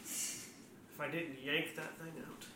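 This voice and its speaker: Male player, quick jokes, somewhat high voice, echoey room, a little off-mic. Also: level tone. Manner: joking, quick quips. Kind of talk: casual tabletop game chat. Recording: echoey room, distant mic, background noise.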